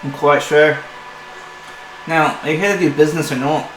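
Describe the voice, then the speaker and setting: A man voicing a rude, bossy female dwarf shopkeeper with a shrill, higher-pitched voice who curses at her customers. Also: fairly even intonation, normal speed, a bit bright, lightly acted. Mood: brusque. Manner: curses and snaps at people. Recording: echoey room with some noise.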